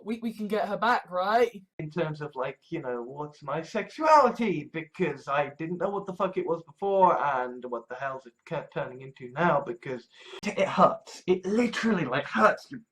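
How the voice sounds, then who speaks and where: A woman's voice: low voice, expressive, normal speed. A woman from England talking in a rambling, profane monologue full of restarts and swearing. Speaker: vlogger.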